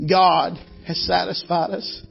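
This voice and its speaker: High-voiced preacher telling folksy stories. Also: male voice, flat delivery, slow, creaky, husky, highs cut off, faint music behind. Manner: folksy, storytelling, calls out to the congregation. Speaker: guest preacher. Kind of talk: Southern revival sermon.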